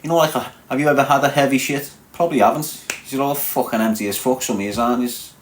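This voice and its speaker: A man's voice: medium pitch, fast, a little hiss or hum. Brash, swearing Scouse man in his forties. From Liverpool, England. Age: 40s. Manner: brash, swearing, teasing viewers. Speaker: live streamer. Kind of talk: crude live-stream banter with chat.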